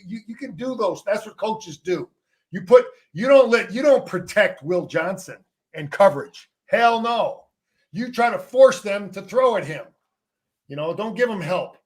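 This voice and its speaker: His voice sits high as this middle-aged ex-player and coach, appearing as a guest, talks football casually. The tone is forceful and salty, and he frequently doubles back on words while restarting sentences.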